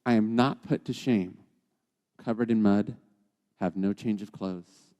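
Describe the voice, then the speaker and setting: A man's voice: lowish voice, fairly even intonation, measured pace, warm tone, in a large hall, muffled recording. A man hosting a podcast and teaching scripture in a conversational devotional way, often checking in with his listeners by asking "okay?" and "right?".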